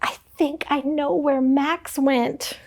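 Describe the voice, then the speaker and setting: A woman voicing a gloomy, doubtful friend in a children's storybook, in a lower, dry voice. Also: steady tone, slow pace, gravelly, darkish tone, heavily acted.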